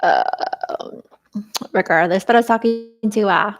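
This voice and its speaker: A woman's voice: mid-range voice, measured pace, gravelly. A woman vlogging in a rambling, hesitant way, full of fillers, venting about family troubles. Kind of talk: rambling personal vlog.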